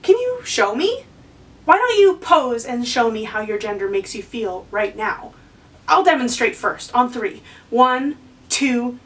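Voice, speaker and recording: A woman's voice: fairly high pitch, a bit bright, recorded from a distance, low-quality recording. A woman hosting a lesson for kids, encouraging and asking the viewer questions. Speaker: children's educator and host.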